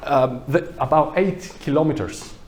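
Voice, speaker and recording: A man's voice: fairly high pitch, a little slow. Joking, chatty male workshop speaker. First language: not English. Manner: chatty and joking, checks in with the audience. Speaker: workshop speaker, landscape architect. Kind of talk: casual lecture to a workshop audience.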